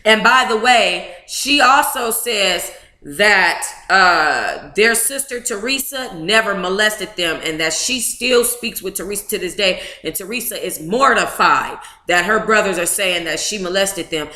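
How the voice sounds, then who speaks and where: A woman's voice: medium pitch, expressive, measured pace, sharp tone, roomy sound. A woman reading a memoir aloud to a live book club chat, emotive and blunt, with profane asides.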